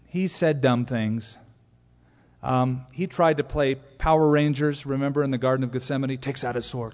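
A man preaching a sermon, animated, acting out quotes with asides to the congregation. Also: medium pitch, moderate pace. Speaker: pastor. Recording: long reverb of a church hall.

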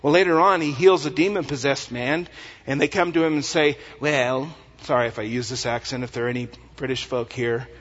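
A pastor from West Texas, preaching an animated, folksy sermon full of humor. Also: male voice, mid-range voice, fairly quick. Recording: echoey hall, dull lo-fi sound.

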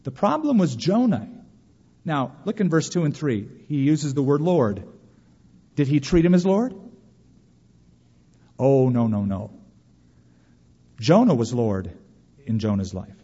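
A man preaching a sermon as pastor, animated and sometimes mimicking whiny voices for emphasis. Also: medium pitch, unhurried, long pauses, husky. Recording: dull sound with long reverb of a hall.

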